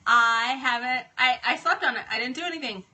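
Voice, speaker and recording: Chatty ohio lady on a live stream saying hi to viewers, high voice. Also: a little fast, pushed and bright. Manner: chatty, greets viewers by name. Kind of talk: casual live-stream chat.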